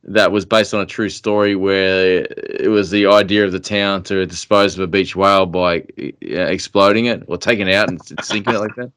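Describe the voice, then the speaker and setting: A man's voice: deep voice, steady tone, normal speed, hardly any pauses, a bit bright, smooth, dry recording, clean studio sound. A man, chatting casually on a podcast, musing aloud and calling his co-host mate. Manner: musing, calls people mate. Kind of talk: casual chat.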